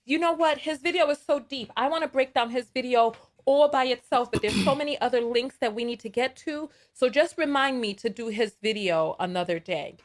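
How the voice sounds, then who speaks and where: A woman's voice: high voice, brisk, few pauses. A woman hosting a live reaction stream, reading viewer comments in a blunt, exasperated way and often repeating herself. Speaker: livestream host.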